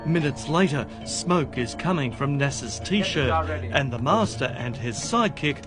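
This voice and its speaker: A man's voice: medium pitch, lively intonation, a little slow. A man reading scripted current-affairs narration with a dramatic, teasing delivery. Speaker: reporter narrator. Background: music.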